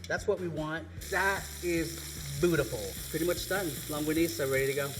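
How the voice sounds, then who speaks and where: A man's voice: on the high side, moderate pace, background noise. A male home cook presenting a cooking demonstration in a playful, sing-songy way.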